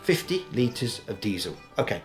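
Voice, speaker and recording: A man's voice: on the low side, big pitch swings, normal speed, faint music behind. A man giving casual, opinionated commentary as a news vlogger, talking in a chatty, rambling way with many ums and restarts.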